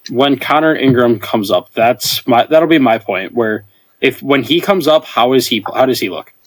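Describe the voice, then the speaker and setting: A man with an ordinary mid-range voice offers his view on a sports podcast. He speaks slowly and haltingly, restarting his sentences. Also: medium pitch, lively intonation. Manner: halting, slow. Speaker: podcast co-host. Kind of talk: casual sports chat.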